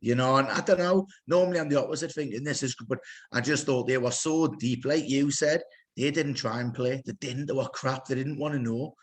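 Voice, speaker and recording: A middle-aged man with a Geordie accent chatting casually as a podcast guest, retelling stories with animated asides. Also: medium pitch, fairly quick. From North East England. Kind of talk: casual chat.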